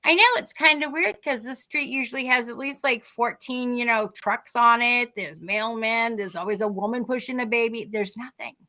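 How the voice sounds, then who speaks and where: Lady on a podcast, acts out all the voices, really bright tone. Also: fairly high pitch. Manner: animated, acts out quoted dialogue. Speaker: podcast co-host. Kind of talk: casual storytelling.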